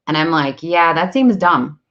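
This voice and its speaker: A woman's voice: low voice, lively intonation, unhurried, a bit bright. A woman in her thirties talking candidly to viewers, acting out conversations as she tells personal stories. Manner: candid, storytelling, acts out conversations. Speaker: vlogger on self-improvement. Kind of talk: casual talk to viewers, live stream. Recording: dull lo-fi sound.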